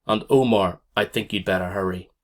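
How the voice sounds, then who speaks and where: A man reading an audiobook, voicing a kind woman neighbour who warns quietly and earnestly. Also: lowish voice, brisk, close to an everyday voice. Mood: urgent. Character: kindly woman neighbour, calm and caring.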